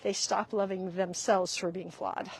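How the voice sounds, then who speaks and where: A woman's voice: medium pitch, level tone, measured pace, vocal fry, slightly rough. A middle-aged woman hosting a podcast, talking earnestly and confessionally about her own parenting and repeating key points for emphasis. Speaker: podcast host. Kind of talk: reflective solo talk.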